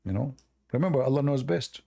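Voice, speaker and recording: A man who is not a hosts a call-in debate, arguing in a sarcastic, emphatic way while his voice is going hoarse. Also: medium pitch, expressive, a little fast, dark tone. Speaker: host.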